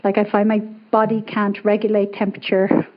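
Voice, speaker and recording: A woman's voice: mid-range voice, completely flat delivery, a little hiss or hum. A woman with an Irish accent, calling in to a show and chatting casually in an upbeat, chatty way. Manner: chatty, upbeat, quick to laugh. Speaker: caller. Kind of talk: casual call-in chat. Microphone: remote call audio. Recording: muffled lo-fi call audio.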